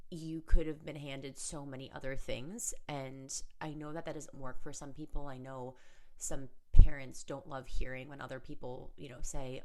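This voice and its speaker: Woman host with a very low voice, casual and reflective, interviewing a family member. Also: darkish tone. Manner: reflective, many filler words. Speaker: podcast host. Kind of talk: casual podcast conversation.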